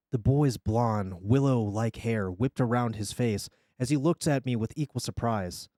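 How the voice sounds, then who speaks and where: A man streamer reading a scary story aloud in an expressive storytelling manner. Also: mid-range voice, unhurried, few pauses, no room sound, clean studio sound.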